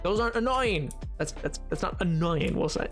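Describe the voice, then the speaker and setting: A man's voice: high voice, animated, normal speed, a bit bright, soft background music. A man live-streaming a game, chatting casually and playfully with his viewers in a rambling way, with lots of fillers. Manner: rambling, playful, talks to chat.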